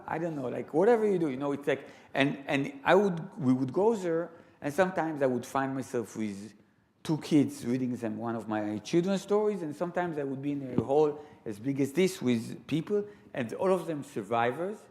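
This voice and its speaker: A man with an Israeli accent telling stories live to an audience in a large sanctuary, animated and full of laughing asides. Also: on the high side, moderate pace. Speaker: storyteller guest. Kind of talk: live storytelling talk.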